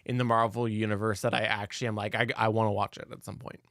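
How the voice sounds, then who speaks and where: A man's voice: lowish voice, flat delivery, fast talker, fairly bright tone, no echo, clean studio sound. A man co-hosting a casual podcast in an easygoing way, moving the talk along between topics. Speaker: podcast co-host. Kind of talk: casual chat.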